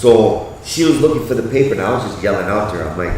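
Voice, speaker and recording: A man's voice: fairly low pitch, lively intonation, brisk, hardly any pauses, a little mellow, slight background noise. A man talking in a casual chat, blunt and profane, often asking whether the listener gets what he is saying. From Canada. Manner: blunt and profane, repeats "you get what I'm saying". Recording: echoey, far from the mic.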